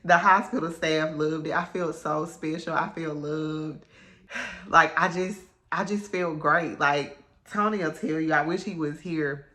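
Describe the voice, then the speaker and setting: A woman's voice: deep voice, bright, forceful tone. A woman telling her own story to camera in a candid, chatty way, with lots of ums and likes. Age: adult mother. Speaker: vlogger. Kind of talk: casual personal storytelling to camera.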